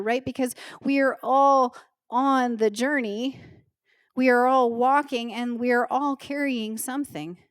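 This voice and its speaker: A middle-aged woman pastor preaching a sermon in an earnest, emotional way, slowing down to stress key words. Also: high-pitched, dry recording, clean studio sound. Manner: earnest, emotional, slows down for emphasis. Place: church stage.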